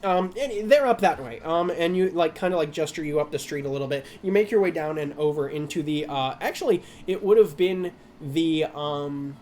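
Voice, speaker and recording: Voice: medium pitch, a little hiss or hum. Rambling, laughing game master. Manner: rambling, laughs often, many restarts. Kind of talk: narrating a tabletop game.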